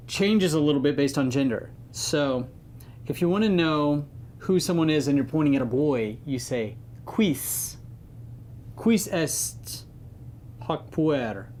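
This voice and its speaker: Man teaching Latin, casual lesson, middle-pitched voice, faint hiss behind. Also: darkish tone. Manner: chatty, playful, stresses key words. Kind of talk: informal grammar lesson.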